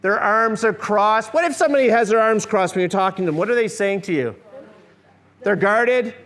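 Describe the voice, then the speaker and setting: High-voiced man leading a workshop. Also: normal speed, fairly bright tone. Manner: conversational, asks the audience questions. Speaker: seminar presenter. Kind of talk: church workshop lecture.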